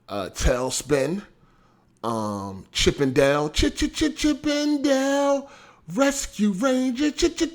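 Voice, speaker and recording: A man chatting casually on a gaming stream, animated and profane, laughing often and swinging from loud bursts to mumbles. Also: medium pitch. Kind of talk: casual livestream chat.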